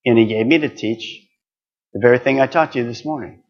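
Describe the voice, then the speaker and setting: A man's voice: mid-range voice, fairly quick, muffled recording. An older man preaching a sermon, earnest and building to emphatic exhortation.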